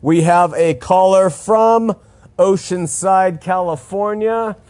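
A man's voice: high voice, slow pace, darkish tone. A man hosting a religious call-in show, talking earnestly and arguing his point with emphasis. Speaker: radio call-in show host. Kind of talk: call-in radio talk, religious commentary.

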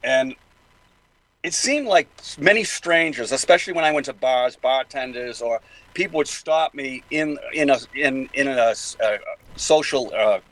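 A man's voice: mid-range voice, animated, a little slow, a bit bright, low-quality recording. An older man with a Boston accent, talking at length as a guest in a casual interview, rambling with many fillers and restarts. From New England.

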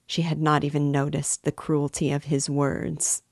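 A woman reading a classic novel aloud in a measured, expressive way. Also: low voice, gravelly, no echo, studio quality. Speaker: reader and guide of a book series.

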